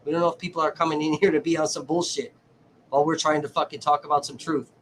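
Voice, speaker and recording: A man's voice: a little high, fairly even intonation, fast talker, a bit bright, a little hiss or hum. Profane rambling male livestreamer. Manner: profane, rambling, talking to chat viewers. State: hot and dehydrated. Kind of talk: casual livestream chat.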